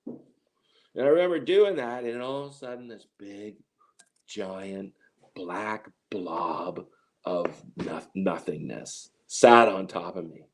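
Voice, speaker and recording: A middle-aged man with a slightly low voice tells a long personal story as an interview guest. He rambles, restarts his sentences and slips into quoting what others said. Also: slow. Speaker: interview guest, cannabis grower. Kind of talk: casual storytelling.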